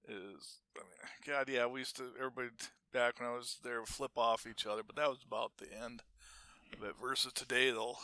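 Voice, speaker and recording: A man's voice: medium pitch, bright, forceful tone, dry recording, studio quality. An older man co-hosting a podcast, telling work stories in a folksy, easygoing way with chuckles between remarks. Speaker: podcast co-host.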